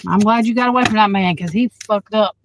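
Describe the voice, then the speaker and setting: A woman tarot reader chatting casually to her livestream viewers, blunt and outspoken, swearing freely and quick to flare up at the chat. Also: medium pitch, background noise.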